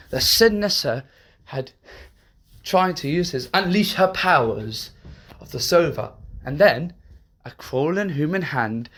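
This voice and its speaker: A storyteller narrating a homemade horror fan story in a halting way, with frequent restarts. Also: mid-range voice, a bit bright.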